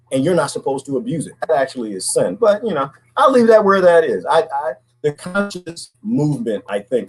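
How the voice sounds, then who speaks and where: A man's voice: medium pitch, breathy edge, rough recording. A man talking alone in a casual, preachy monologue, often asking "right?" and repeating words. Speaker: commentary host.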